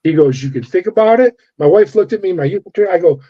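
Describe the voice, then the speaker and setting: A middle-aged man, a former corrections officer, telling his story in an interview with animated, profane delivery and acted-out dialogue. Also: high-pitched, fast talker, few pauses. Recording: dull lo-fi audio.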